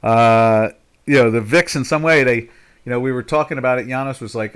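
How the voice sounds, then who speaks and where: During a live trading webinar, an older man from the United States rambles through market commentary, restarting often and leaning on "you know." His voice is medium-pitched and fairly bright with a clean tone, at normal speed.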